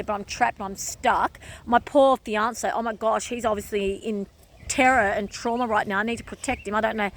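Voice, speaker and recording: A woman's voice: a little high, a bit bright, a little hiss or hum. A woman vlogger in an emotional personal monologue, speaking emphatically and repeating phrases over and over.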